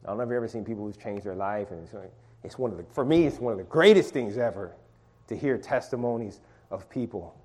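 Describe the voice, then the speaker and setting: A man's voice: fairly low pitch, lively intonation, fast, a little mellow. A middle-aged man leading an informal sermon and Bible study, calling on listeners to read verses aloud and talking with many restarts.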